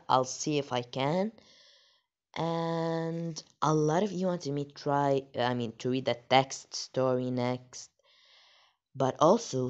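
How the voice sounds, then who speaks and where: A woman's voice: deep voice, a little mellow. A woman hosting her channel, chatting casually and reacting as she reads text stories. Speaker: channel host. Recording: dull lo-fi audio.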